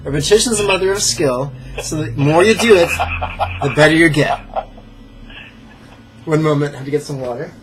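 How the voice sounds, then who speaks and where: A man leading a pronunciation drill as a meditation teacher, playful and joking, sounding out syllables slowly and carefully. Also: fairly high pitch, noisy background. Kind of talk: pronunciation drill in a live lesson.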